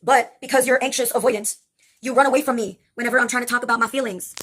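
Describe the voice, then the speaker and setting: A woman mimicking a clingy, jealous best friend who pleads in a raised, higher voice. She talks in a whiny, insistent way, pushing therapy labels at her roommate. The voice stays close to the woman's own. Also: steady tone, quick pace, a bit bright. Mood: lecturing.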